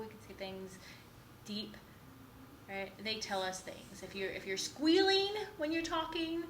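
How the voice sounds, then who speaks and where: A woman instructor lectures at a rapid clip, bright and energetic, tagging her points with "right?". She is recorded in an echoey classroom with a faint hum of noise behind her. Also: fairly high pitch. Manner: fast-talking, animated, keeps asking "right?".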